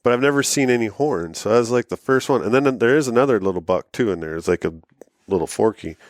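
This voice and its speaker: A man from Michigan chatting casually about hunting, often pausing and restarting his sentences. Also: medium pitch, expressive, no room sound, clean studio sound. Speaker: podcast co-host.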